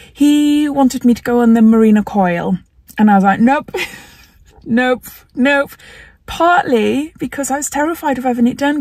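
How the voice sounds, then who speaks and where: A woman's voice: on the high side, warm tone, no room sound, clean studio sound. Candid middle-aged woman vlogging. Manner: candid, emotional, laughs often. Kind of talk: personal health vlog.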